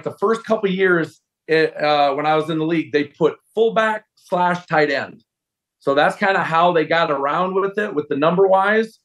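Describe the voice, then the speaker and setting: Animated man telling a story. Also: a little high. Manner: animated storyteller, acts out voices of coaches. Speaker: guest, former football tight end. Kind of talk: casual storytelling interview.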